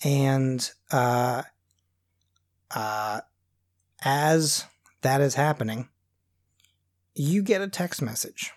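A man's voice: mid-range voice, very slow, long pauses. A man narrating as game master of a tabletop game, rambling with many fillers and restarts.

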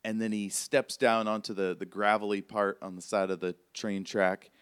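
A man narrates a tabletop game as game master in a relaxed, casual way. His voice sits a little low, with plenty of fillers. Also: normal speed, smooth, no echo, studio quality.

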